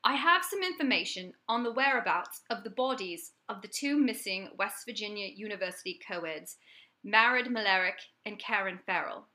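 A cryptic anonymous letter writer speaks in a halting attempt at a British accent, read out by a woman. The voice is bright, and laughs keep breaking through. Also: medium pitch, animated.

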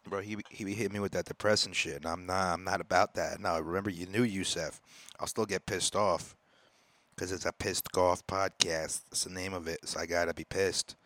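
A man hosting his own podcast in a casual, profane rant that swings between loud outbursts and low mutters. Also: fairly even intonation, moderate pace, dry recording. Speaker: podcast host. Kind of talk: casual ranting monologue.

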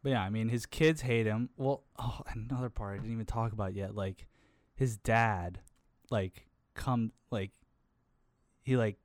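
A man's voice: lowish voice, fairly even intonation, unhurried, dry recording. A young man talking casually and rambling, with many fillers and plenty of swearing. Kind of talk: casual chat.

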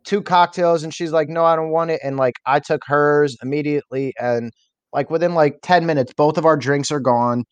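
A man's voice: fairly high pitch, moderate pace, no room sound, muffled recording. A young man telling a personal story as an interview guest, candid and rambling, with many fillers.

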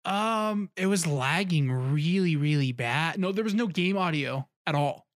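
A young co-host with a lively, swooping voice teases and chips in short replies. The sound is dry and close to the mic. The talk is casual and playful. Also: mid-range voice, unhurried, dry recording. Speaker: podcast co-host. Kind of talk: casual chat.

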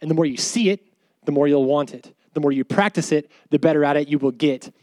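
Man, young adult, youth pastor, casual slangy sermon, raised pitch, dry recording. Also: fast talker, dry recording. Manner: animated, jokey, casual slang. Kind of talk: youth sermon with personal stories.

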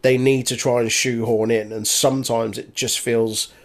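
A man chatting casually as a podcast co-host, animated, laughing often and swearing. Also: medium pitch, normal speed. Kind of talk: casual chat recapping a wrestling show.

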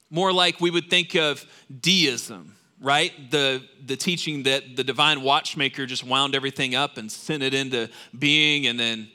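A man delivers a sermon to a room of listeners in a bright, slightly high voice. He leans hard on the key words and then falls back to soft, low asides. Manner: emphatic, swings between loud stresses and soft asides. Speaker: preacher.

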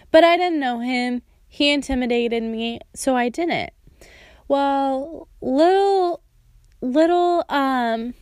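Slow, earnest woman telling a testimony. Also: fairly high pitch, dry recording, clean studio sound. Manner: earnest and heartfelt, acts out remembered quotes. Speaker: churchgoer sharing a testimony. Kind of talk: personal testimony storytelling.

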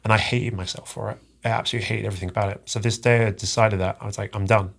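A man telling a personal story as a podcast guest, halting and earnest, often repeating his words. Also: fairly low pitch, fairly even intonation, gravelly, fairly bright tone, breathy edge. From England.

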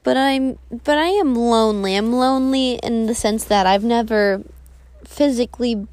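A woman's voice: fairly high pitch, normal speed, a little mellow, no echo. A young woman hosting a podcast, sharing personal feelings in a candid, rambling monologue with restarts. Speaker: podcast host.

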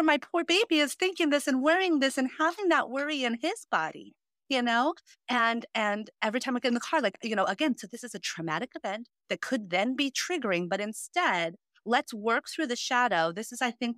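A woman co-hosting a podcast, speaking at a middle pitch in an earnest, open way and filling her sentences with "you know" and "um". The sound is dry and close. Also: a little fast, fairly bright tone, no echo. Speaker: podcast co-host. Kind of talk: casual chat.

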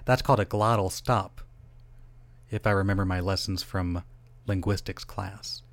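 A man's voice: low voice, fairly even intonation, normal speed. A middle-aged man hosting a solo podcast, rambling, interrupting himself and swearing casually. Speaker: podcast host.

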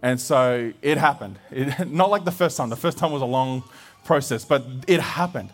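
An Australian man in his thirties, a pastor, preaching a sermon through a lively personal story full of restarts and laughter. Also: medium pitch, normal speed.

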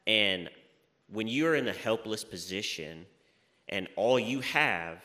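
A man's voice: on the low side, expressive, slow, pushed and bright, long reverb tail. A man sharing a personal faith story in casual conversation, earnest and reflective. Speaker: guest sharing a testimony.

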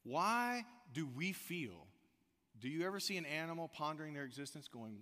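A man preaching a sermon, telling stories with animated energy and asking the congregation direct questions. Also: a little high, normal speed. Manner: animated storytelling, rising to loud outbursts. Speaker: pastor. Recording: echoey hall reverb.

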